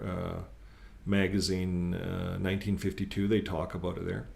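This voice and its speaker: A man's voice: fairly low pitch, gravelly. A man hosting his own channel, talking casually and earnestly, reading and commenting on articles, often repeating words and using fillers. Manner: earnest, critical, grows emphatic when quoting. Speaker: channel host.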